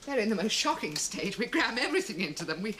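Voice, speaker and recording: An actress playing a flustered, doting wife. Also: female voice, mid-range voice, big pitch swings, fast talker, lightly acted. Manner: flustered, chatty. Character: fussy middle-aged wife, flustered and doting. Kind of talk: 1970s British TV sitcom acting. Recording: old TV sound with faint hiss.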